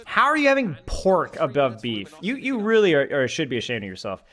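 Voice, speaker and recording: A young man hosting a live co-stream, trading animated jokes with his chat between reads of the match. His voice is bright and slightly high for a man. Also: fairly quick. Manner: animated, joking, talks straight to chat. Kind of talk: casual live-stream commentary and chat banter.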